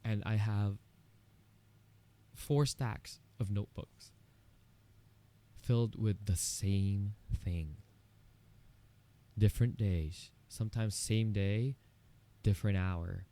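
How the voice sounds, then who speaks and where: A man with a lowish, mellow voice speaks in a solo podcast monologue. He sounds earnest and candid, encouraging listeners directly. He talks casually, with plenty of "you know" asides. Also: fairly even intonation, slow, pauses often. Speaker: podcast host.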